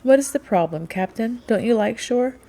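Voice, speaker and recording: A woman's voice: a little high, animated, normal speed, mellow, voice pushed up. A woman reading the part of an outspoken young woman who questions in a precise, analytical way. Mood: probing.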